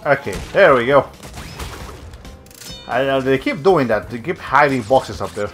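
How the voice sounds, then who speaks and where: A young man chatting casually as he livestreams a racing game, his voice lively and animated as it rises and falls. He rambles, trips over his words and stops himself mid-thought, with faint game music in the background. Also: medium pitch, a little slow. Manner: rambling, self-interrupting, with many fillers. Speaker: streamer. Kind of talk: casual gameplay commentary.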